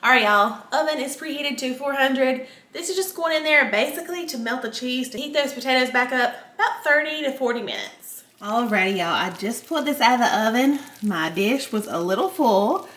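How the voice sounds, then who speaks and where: A woman's voice: high voice, lively intonation, a little fast, fairly bright tone. A woman with a Southern US accent, hosting a casual cooking tutorial from her home kitchen in a chatty, folksy way. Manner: chatty, folksy, addresses viewers as y'all. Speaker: home cook host.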